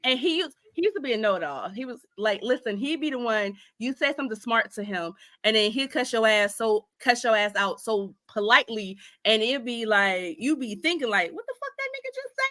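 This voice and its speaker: Animated, bright-voiced woman storyteller. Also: fairly high pitch, normal speed, few pauses, no room sound. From Ohio. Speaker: podcast co-host. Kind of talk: casual storytelling chat.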